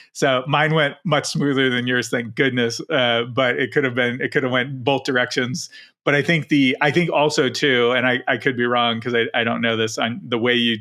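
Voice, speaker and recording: A man's voice: medium pitch, fairly even intonation, moderate pace, sharp tone. A middle-aged man co-hosting a podcast, talking casually and rambling with many restarts. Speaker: podcast co-host.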